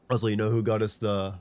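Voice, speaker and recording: A male streamer with a stuffy nose from a cold, giving relaxed, chatty game commentary. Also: fairly low pitch, gravelly, a little hiss or hum. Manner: relaxed, chatty asides to chat. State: congested, nasal from a cold. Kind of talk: casual gaming commentary.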